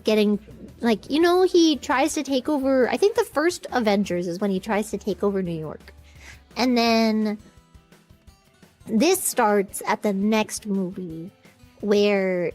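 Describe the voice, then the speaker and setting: A woman's voice: fairly high pitch, darkish tone. A woman streamer telling a story in a casual, rambling way, often giggling and restarting her sentences.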